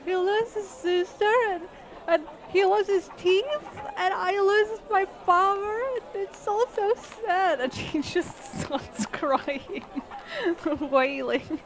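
A woman's voice: very high voice, takes it slowly. A woman narrating her character in a tabletop game, often giggling. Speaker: player. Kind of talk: tabletop game role-play.

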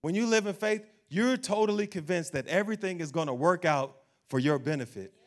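Delivering a sermon as pastor, a man speaks with lively energy in a voice a little higher than most men's and a little fast. He voices doubters' worries and laughs now and then.

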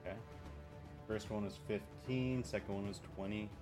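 A man's voice: on the low side, steady tone, normal speed, darkish tone, faint music behind. A man playing a tabletop game, chatting casually and cracking crude jokes. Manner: crude joking. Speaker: player.

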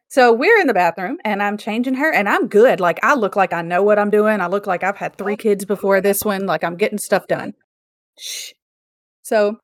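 A young woman chats on a casual podcast, rambling into a self-deprecating story. Her voice sits at a middling pitch and sounds dry and close, with no room around it. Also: dry recording. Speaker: podcast co-host.

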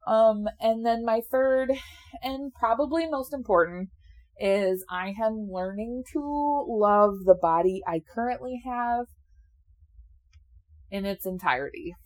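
Sleepy and yawning, a woman in her late twenties talks in a relaxed, frank way, with frequent laughter and occasional swearing. Her voice is medium in pitch with a darkish tone.

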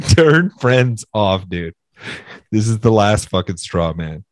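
A man's voice: fairly low pitch, sing-song, slow, darkish tone, no room sound, studio quality. A young man co-hosting a casual podcast over a video call, teasing and swearing through laughing rants. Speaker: podcast co-host.

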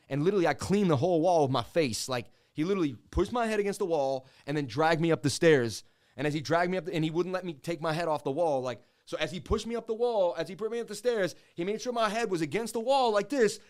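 An excitable streamer man telling a story. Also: fairly high pitch. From Boston area, US. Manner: excited, repetitive, talks to viewers directly. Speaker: crypto market streamer. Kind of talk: animated storytelling on a livestream.

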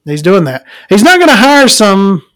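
A woman's voice: mid-range voice, big pitch swings, normal speed, fairly bright tone, dry recording, low-quality recording. A woman who hosts a podcast from home, ranting casually and profanely with frequent chuckles. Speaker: podcast host. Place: at home with her dog.

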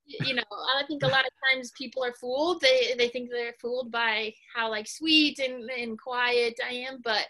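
A woman in her thirties with a bright, fairly high voice talks through an interview. She is soft-spoken and hesitant, leaning on pauses and fillers as she answers. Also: steady tone. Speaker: former college basketball player, now coach. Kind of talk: casual interview.

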